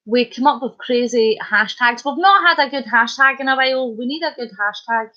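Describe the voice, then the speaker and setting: A bubbly Scottish woman chats with viewers during a live stream, her voice sitting a little higher than usual. The sound is dull and lo-fi, like a home stream. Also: moderate pace, sharp tone. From Scotland. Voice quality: bubbly, chatty, laughs often. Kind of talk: casual live-stream chat.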